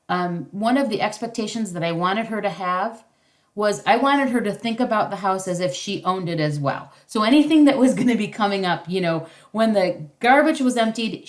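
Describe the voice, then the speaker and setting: A middle-aged woman leading a parenting workshop over a video call, teaching casually and acting out short parent and child lines. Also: mid-range voice. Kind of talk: casual instructional talk.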